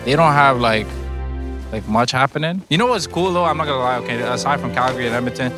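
A man who does stand-up comedy, telling an animated story from a small-city gig. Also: medium pitch, quick pace, loud music behind the voice. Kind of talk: comic storytelling.

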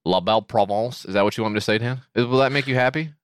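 A man's voice: medium pitch, rapid-fire, smooth, no room sound, studio quality. A man co-hosting a casual podcast, joking sarcastically and swearing freely as he reads out listener emails. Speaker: podcast co-host.

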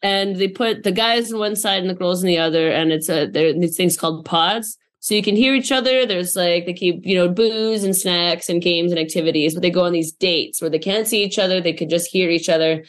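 A woman comedian, chatting casually as a podcast guest and sprinkling her talk with filler words. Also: on the low side. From Saskatchewan, Canada. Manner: chatty, lots of "like" fillers, quick asides.

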